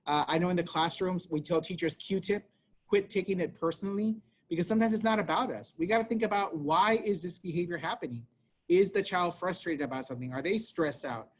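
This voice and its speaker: A man presenting a parent workshop over a video call, speaking quickly and conversationally with many fillers and tag questions. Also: high-pitched. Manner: talks fast, conversational, many fillers and "right?".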